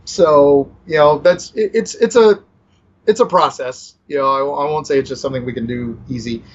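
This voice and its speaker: A man's voice: on the high side, normal speed, dull audio, a little hiss or hum. A man, an author guest in a casual interview, talking in a loose, rambling way with many fillers. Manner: rambling, full of fillers and restarts.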